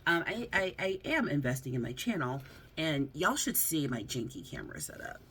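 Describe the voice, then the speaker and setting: An American YouTuber sits close to her phone's front camera at home, vlogging casually and rambling with lots of fillers and frequent laughs. Her low-pitched voice is sing-song, fairly bright and slightly rough, at a moderate pace.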